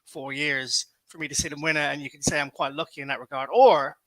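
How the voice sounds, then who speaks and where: Irish host, bright voice, excitable, dry close sound. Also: male voice, fairly high pitch, quick pace, no echo, low-quality recording. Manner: excitable, stammering restarts. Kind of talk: casual fan chat.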